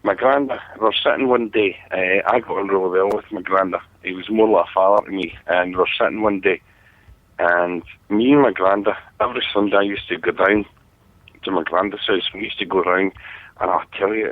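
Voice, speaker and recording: A man's voice: lowish voice, no echo. A Scottish man hosting a talk radio show, telling a long family story in a rambling, earnest way with many restarts. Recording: tinny phone-like radio audio.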